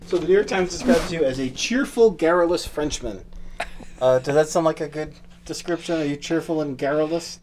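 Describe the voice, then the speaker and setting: A male interviewer puts short, direct questions to his guest. He talks quickly, his voice sitting fairly high. Faint background noise stays under his voice. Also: darkish tone.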